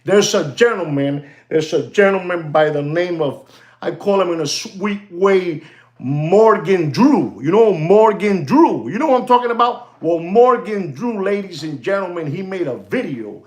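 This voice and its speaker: A man's voice: high-pitched, animated, unhurried, reverberant. Rambling man with a raised voice. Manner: rambling, repetitive, keeps saying "you know" and "ladies and gentlemen". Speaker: watch channel content creator. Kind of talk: casual rant to viewers.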